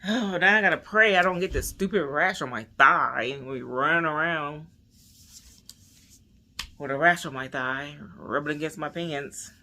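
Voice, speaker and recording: A woman with a bright, forceful voice talks through a casual personal vlog. She sounds stressed and anxious, rambling on and sinking at times to soft near-whispers. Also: low voice, measured pace. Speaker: vlogger.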